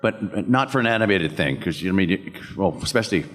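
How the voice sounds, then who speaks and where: Speaking fast and expressively, an older Canadian man with a low-pitched, fairly bright voice shares rambling anecdotes at a convention panel Q&A, where he's a guest voice actor. He laughs throughout, and the hall's reverb is audible.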